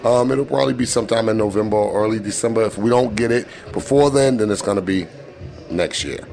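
A man's voice: fairly low pitch, fast, gravelly, a little mellow. A rapper in his forties with a Boston accent, talking in a casual interview, laid-back and full of fillers and swearing.

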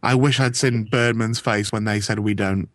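A man hosts a radio show in casual, joking chat, laughing easily and stumbling through restarts. His voice sits at a middle pitch, and the close studio mic leaves it dry with no room sound. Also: fairly even intonation, normal speed, a bit bright, dry recording. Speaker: radio host.

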